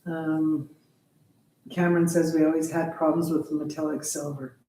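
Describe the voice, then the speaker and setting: A woman's voice: sits low, flat delivery, moderate pace, dark tone. A woman co-hosting a live car stream who reads viewer comments aloud in a dry, matter-of-fact way. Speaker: co-host reading viewer comments. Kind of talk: casual live chat. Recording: roomy, distant mic with faint hiss.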